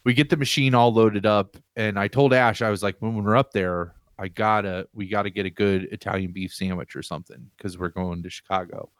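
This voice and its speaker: A man in casual chat, telling an animated, rambling story from his home on a video call. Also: lowish voice, fairly quick, few pauses, no echo, studio quality. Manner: animated, rambling, laughs while telling stories. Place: home room with pinball machines.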